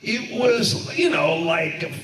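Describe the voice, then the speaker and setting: A man's voice: high-pitched, slow. Middle-aged man telling a comic story live. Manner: animated, rambling storyteller. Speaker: comedy podcast host. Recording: echoey live room, far mic, audience. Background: live audience.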